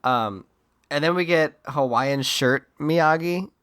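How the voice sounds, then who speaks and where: A man's voice: on the high side, takes it slowly, a bit bright, clear, resonant tone. A man co-hosting a podcast, recapping a movie in casual chat with sarcastic asides and silly character voices. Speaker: podcast co-host.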